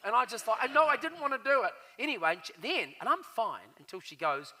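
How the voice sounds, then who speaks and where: Male NZ-raconteur on a live stage, very high and bright, does all the voices. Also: quick pace, few pauses. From New Zealand. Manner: animated, acts out the voices of people in his stories. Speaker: guest storyteller.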